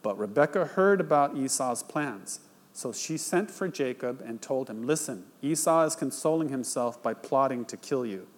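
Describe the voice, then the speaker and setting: A male pastor delivers a sermon in a mid-range voice at normal speed. He reads a scripture passage aloud, retells it as a plain story, and then draws out the lesson.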